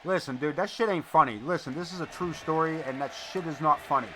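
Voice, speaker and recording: A man's voice: on the high side, fast talker, background noise. A man calling wrestling play-by-play live and breaking into blunt, profane, chatty stories. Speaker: wrestling commentator. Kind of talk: live play-by-play commentary mixed with casual chat.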